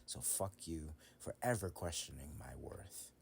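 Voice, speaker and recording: A man's voice: very deep voice, animated, measured pace, gravelly, slight background noise. A man making a solo voice recording in whispered role-play style, ranting with lots of cursing and laughter. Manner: whispered, cursing rant, swings to loud laughing outbursts.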